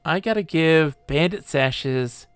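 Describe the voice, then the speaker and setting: Game streamer, male, slow-talking and excitable, dry close sound, keyboard clicks behind. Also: a little high, smooth, no echo, faint music behind. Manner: enthusiastic, rambling, laughs often. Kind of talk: live game stream commentary.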